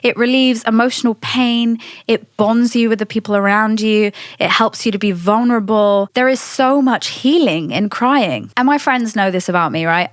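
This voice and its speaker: A woman's voice: mid-range voice, dry recording. Candid woman with a dry close sound. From Britain. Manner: candid, animated, swears freely. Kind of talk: casual monologue.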